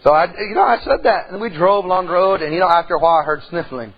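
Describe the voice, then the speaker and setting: A man's voice: high-pitched, lively intonation, fast, muffled recording. A middle-aged man preaching a sermon in church, telling a folksy story and rising into emphatic calls to the congregation.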